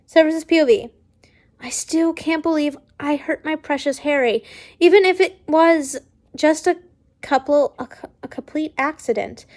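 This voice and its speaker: High-voiced woman reading fan fiction. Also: moderate pace. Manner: stumbling, frequent restarts and self-corrections. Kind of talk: casual story reading.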